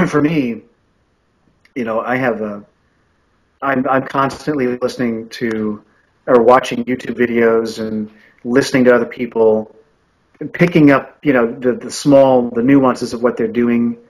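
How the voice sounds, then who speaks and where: On a rough recording, a medium-pitched man in his forties, an audiobook narrator and coach, answers podcast interview questions. His replies are earnest and thoughtful, and he often restarts his sentences.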